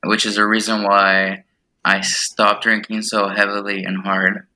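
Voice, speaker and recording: A man's voice: lowish voice, completely flat delivery, measured pace, sharp tone, poor audio. A young man in casual chat, talking bluntly and self-deprecatingly over a call. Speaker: podcast co-host. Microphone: remote call.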